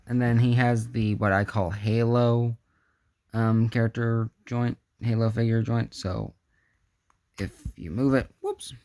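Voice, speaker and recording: Low-pitched guy casually reviewing an action figure, talks slow, mutters to himself while fiddling with it. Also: darkish tone, no echo. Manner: chatty, muttering asides while handling the figure. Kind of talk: casual hands-on toy review.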